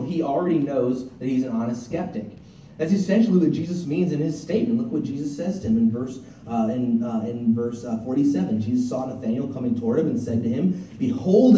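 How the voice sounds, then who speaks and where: A man's voice: mid-range voice, warm tone, slight background noise. A male pastor giving a sermon in a conversational way, with restarts and asides, recorded from a distance in a church. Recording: roomy, from a distance.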